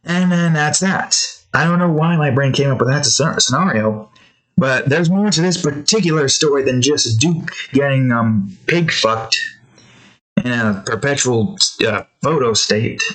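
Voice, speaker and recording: A man's voice: medium pitch, a little slow, fairly bright tone, poor audio. A man in a casual art vlog, rambling through a story with many fillers and restarts. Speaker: art vlogger.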